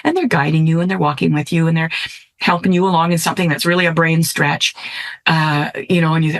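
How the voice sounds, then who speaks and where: A woman's voice: low voice, quick pace. Earnest middle-aged woman telling a story. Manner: earnest, reflective, often adds "right?". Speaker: podcast guest. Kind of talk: storytelling in conversation.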